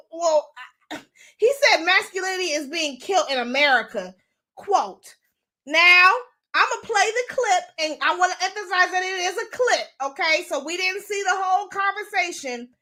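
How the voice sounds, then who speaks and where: A woman's voice: very high-pitched, bright, forceful tone. A woman hosting a casual livestream, chatty and slangy, talking straight to her viewers while out of breath. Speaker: show host. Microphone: camera mic.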